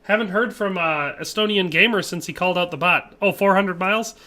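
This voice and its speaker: A Wisconsin man, USA, with a high, bright, forceful voice talks fairly quickly while playing a game on a live stream. He's chatty and casual, reading viewer chat aloud and answering it.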